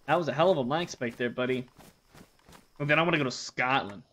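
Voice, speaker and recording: A man's voice: medium pitch, quick pace, a bit bright, slight background noise. A man from the United States, a game streamer chatting casually with his live chat while he plays, joking and rambling.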